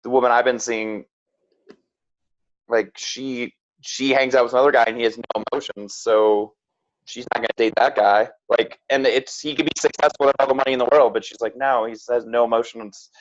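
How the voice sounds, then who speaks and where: A man's voice: medium pitch, steady tone, a little fast. A man speaking as a podcast guest, earnest and frank, with many "like"s and "right?"s. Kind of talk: casual reflective chat. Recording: slightly dull lo-fi sound.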